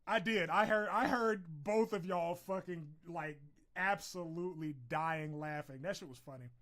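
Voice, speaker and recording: A man streaming live and chatting casually with viewers, profane and quick to laugh, swinging between loud outbursts and low mumbles.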